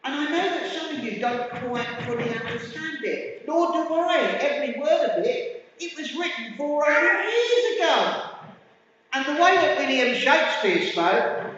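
A man's voice: extremely high pitch, animated, a little slow, fairly bright tone, slight background noise. A middle-aged man with a Hertfordshire English accent, preaching a sermon in a conversational way and putting questions to his congregation. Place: community centre hall. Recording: distant, roomy hall recording, dull sound.

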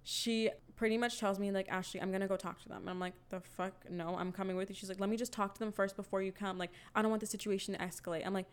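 Profane animated young woman storyteller. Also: mid-range voice, quick pace, few pauses, clean tone. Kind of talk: casual chat.

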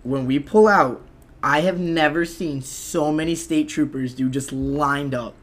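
A young man telling a rowdy story on a casual podcast, animated, swearing and saying "dude" a lot. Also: fairly high pitch, unhurried.

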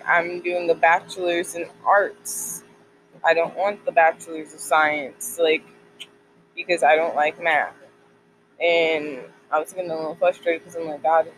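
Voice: medium pitch, fairly bright tone, slight background noise, low-quality recording. A person in their twenties talking casually about faith and college life, rambling with lots of filler words. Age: 20s. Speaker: college student sharing faith devotional.

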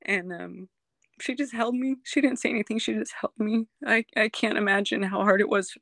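A guest in an interview telling a personal recovery story in an earnest, emotional way, halting often with ums and restarts. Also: medium pitch, vocal fry, pushed and bright, dry recording, clean studio sound.

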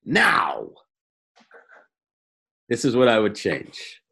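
Male podcast guest, lively storyteller, swings widely in pitch, laughs often, restarts his sentences. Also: extremely slow, creaky, slightly rough. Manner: repeats words, stumbles and restarts. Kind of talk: casual chat.

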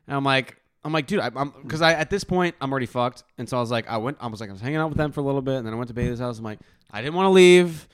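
A man's voice: medium pitch, no echo, studio quality. A young man, a podcast co-host, telling stories in casual chat with lots of laughing. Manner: animated storytelling, lots of laughing.

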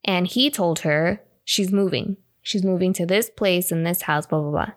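A woman's voice: fairly low pitch, moderate pace. Woman telling a spooky story. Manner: animated, acts out quotes. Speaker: podcast co-host. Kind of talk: casual storytelling chat.

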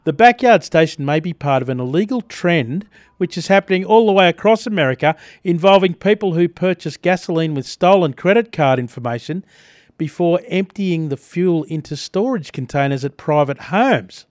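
A man's voice: a little high, lively intonation, moderate pace, no echo. A middle-aged Australian man hosting breakfast radio, telling chatty stories and reading news with frequent chuckles in a studio. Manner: chatty storyteller, chuckles often.

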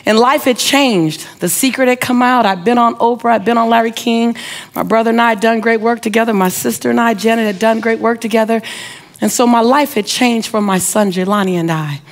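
A woman's voice: a little high, a little fast. A middle-aged woman telling a story during a motivational talk. She acts out the other people's voices and asks the audience question after question. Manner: audience-directed, repeated rhetorical questions. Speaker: motivational speaker. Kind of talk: inspirational speech.

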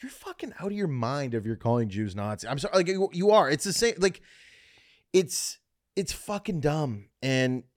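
A man's voice: a little high, lively intonation. A comedian from Canada hosting his own podcast, delivering a blunt, profane solo rant. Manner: blunt, profane, fast ranting. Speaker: comedian host.

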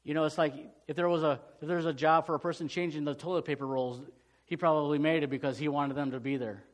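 A middle-aged male pastor preaching a sermon, swinging from loud, urgent peaks to hushed storytelling. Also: a little high, steady tone, fast talker.

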